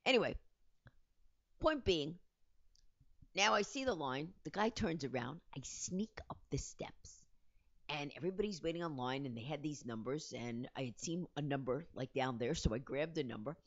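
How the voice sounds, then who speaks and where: Lively fast-talking woman telling a story. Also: low-pitched, muffled recording. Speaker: host. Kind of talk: storytelling vlog.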